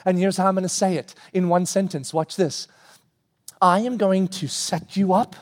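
High-voiced guy preaching, super animated, yells sometimes, big echoey hall. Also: moderate pace. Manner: animated preaching, voices God and himself, shouts at peaks. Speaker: pastor. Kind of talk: sermon. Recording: long hall reverb.

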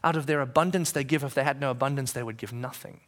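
This is a sermon from a male pastor in a church, delivered fast at medium pitch. He keeps it conversational, asks his congregation questions, and alternates quiet stretches with shouts.

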